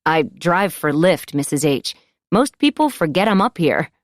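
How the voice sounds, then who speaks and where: Audiobook: woman reading a friendly, curious male driver, casual and warm-hearted. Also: low voice, big pitch swings, unhurried, no room sound, clean studio sound.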